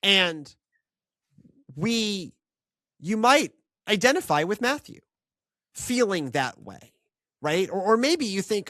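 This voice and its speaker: A podcast co-host in a casual Bible discussion, animated and full of fillers and restarts. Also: medium pitch, slow pace, pauses often, dry recording, clean studio sound.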